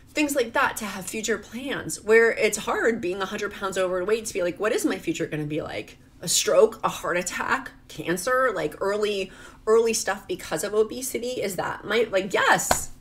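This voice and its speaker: A middle-aged vlogger from rural Virginia tearfully rambles through an emotional personal confession, using "like" over and over. Her voice is on the high side and a bit bright.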